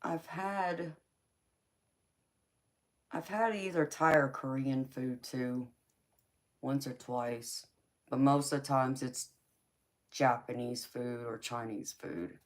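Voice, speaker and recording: In a bass voice, speaking slowly with long pauses, a young Southern-drawling woman livestreams a casual chat, reading her viewers' comments out loud.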